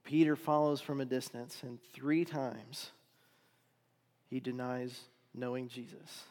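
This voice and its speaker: A man preaching a sermon, retelling a story with dramatic swings between loud and hushed delivery. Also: mid-range voice, little pitch movement, slow pace, in a large hall.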